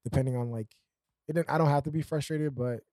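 This man speaks fast in a mellow, medium-pitched voice, co-hosting a podcast. He rambles, uses fillers and laughs a lot, and the audio is dry and studio quality.

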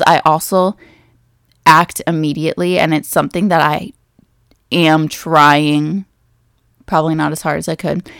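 Chatty young woman, low with some fry. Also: a bit bright, no room sound, studio quality. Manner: chatty, self-deprecating, thinks aloud. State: pregnant. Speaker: vlogger. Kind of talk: casual chat.

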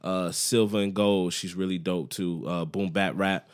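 Laid-back low-voiced man telling stories. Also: unhurried, clean tone. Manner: relaxed, slang-heavy storytelling. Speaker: musician guest. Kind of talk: casual podcast chat.

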